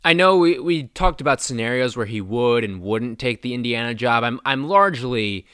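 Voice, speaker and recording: A man's voice: medium pitch, animated, normal speed, a bit bright, clean tone, dry recording. A man co-hosts a casual sports podcast, recorded dry and close with no room sound. He banters playfully, tossing out ideas and repeating words as he goes. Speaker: podcast co-host.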